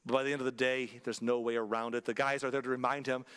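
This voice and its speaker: A man's voice: medium pitch, level tone, fast talker, a bit bright, smooth, big-room sound. A male pastor preaching a sermon, telling a story conversationally and driving points home through emphatic repetition. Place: church sanctuary.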